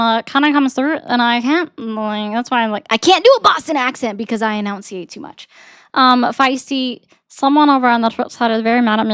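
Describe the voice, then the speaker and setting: A woman's voice: on the high side, a bit bright, smooth. A woman from the American South, casually talking to her live-stream chat and defensively explaining herself. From Southern United States. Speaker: livestreamer answering chat.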